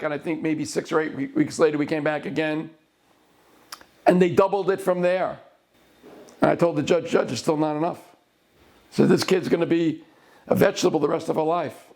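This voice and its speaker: A middle-aged male lawyer recounting a past case, speaking deliberately in short phrases and slowing down to stress key words. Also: on the high side, darkish tone. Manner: deliberate, broken into short phrases, with slowed emphasis.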